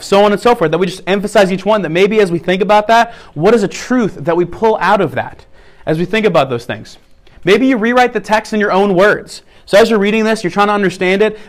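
A man with a high voice preaches a sermon to his church. He teaches in a practical way and often repeats his key phrases. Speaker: pastor.

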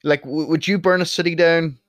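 A man's voice: on the high side, fairly even intonation, brisk, fairly bright tone, no room sound, studio quality. A young Irish man rambling casually in a vlog, blunt and swearing, sometimes drifting off the mic. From Ireland. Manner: chatty, blunt, swears, wanders off topic. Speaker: vlogger. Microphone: desk mic, sometimes turns away from it.

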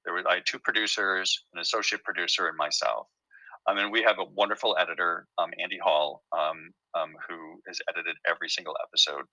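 A man's voice: low voice, fairly even intonation, brisk, sharp tone, no echo, low-quality recording. A man who creates and writes a TV show, telling his story in a casual interview with many fillers and restarts.

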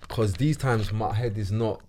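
A young man with a London accent, a guest telling a story in casual chat, with lots of slang and animated retelling. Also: lowish voice, measured pace, background noise. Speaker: guest actor.

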